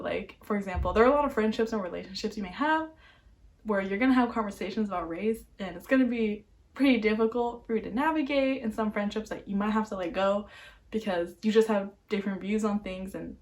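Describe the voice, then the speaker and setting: A young woman, talking candidly to camera in a casual vlog, with lots of filler words. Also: on the high side. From Vietnam, adopted to the United States. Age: young adult. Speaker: vlogger.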